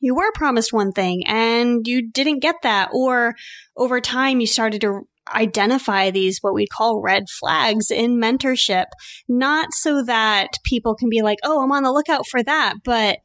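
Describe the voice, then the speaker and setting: Woman, podcast host, enthusiastic, quick when excited, fairly high voice, dry sound. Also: dry recording. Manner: enthusiastic, speeds up when excited, many "like" fillers. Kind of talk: casual podcast interview.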